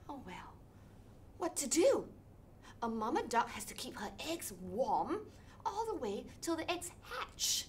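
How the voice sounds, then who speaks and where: A woman leading an interactive children's storytelling session, animated and sing-song, with playful sound effects. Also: sits high, unhurried. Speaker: storytelling workshop leader.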